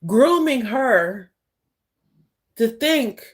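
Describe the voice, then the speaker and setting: A woman's voice: a little high, animated, extremely slow. A woman vlogger speaking in a heated, blunt, sarcastic monologue. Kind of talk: casual monologue to camera.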